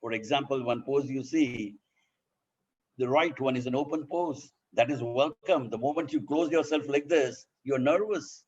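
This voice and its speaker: A man's voice: mid-range voice, moderate pace, a little mellow, highs cut off. A man with an Indian accent giving a public speaking lesson, demonstrating points by voicing example sentences. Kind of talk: instructional talk.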